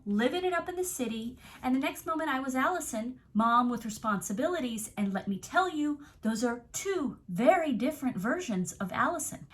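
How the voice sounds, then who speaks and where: A woman's voice: sits high, fairly bright tone. A young adult woman coach giving an earnest, reflective self-help talk straight to the viewer. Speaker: manifestation coach.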